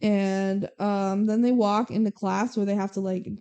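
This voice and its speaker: A woman's voice: mid-range voice, steady tone, unhurried, warm tone, smooth, lo-fi sound. A young woman co-hosting a podcast, casually recapping a movie scene by scene and quoting the characters, with lots of "like" and "um.". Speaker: podcast co-host.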